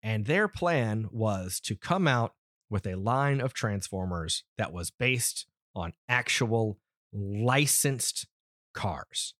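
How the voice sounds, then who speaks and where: A man's voice: on the low side, animated, takes it slowly, a bit bright, no echo, studio quality. A man in his thirties hosting a podcast, chatting casually and rambling with lots of restarts and fillers. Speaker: podcast host. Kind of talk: casual nerdy chat.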